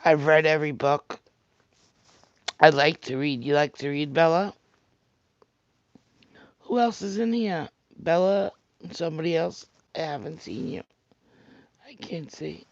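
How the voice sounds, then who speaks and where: Reading live comments aloud, a Staten Island vlogger with a heavy New York accent chats and rambles directly to his livestream audience. He speaks unhurriedly in a fairly high voice, pausing often, and the audio is dull with no echo.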